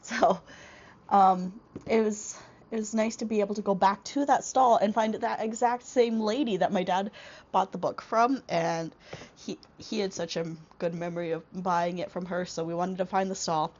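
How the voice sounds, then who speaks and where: A woman's voice: mid-range voice, fairly even intonation, moderate pace, a little mellow, highs cut off. A young woman with a stuffy, congested voice chatting casually in a vlog, rambling with lots of fillers and restarts. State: congested from a cold. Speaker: vlogger. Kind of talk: casual book haul vlog. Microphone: small wireless clip-on mic.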